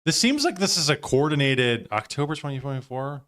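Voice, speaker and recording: A man's voice: medium pitch, sing-song, a little fast, a bit bright. A man hosting a live stream, giving loose, profane reaction commentary with frequent laughs.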